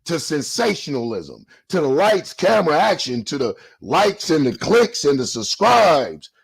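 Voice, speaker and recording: A man's voice: fairly high pitch, very animated, a little slow, creaky, husky. A man in his forties ranting in a response video, heated and profane, with a street-preacher cadence. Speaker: YouTube commentator.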